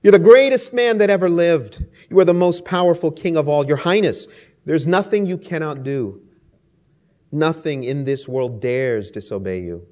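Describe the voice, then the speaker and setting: A man voicing a group of fawning royal courtiers who eagerly flatter their king. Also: a little high, moderate pace, pitched above the performer's own voice, lightly acted. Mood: gushing.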